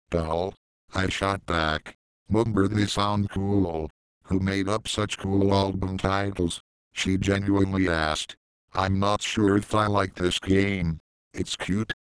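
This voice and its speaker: A man reading a first-person story aloud, voicing both sides of a dialogue in a flat, low-key way. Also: clean tone, dry recording, rough recording. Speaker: narrator.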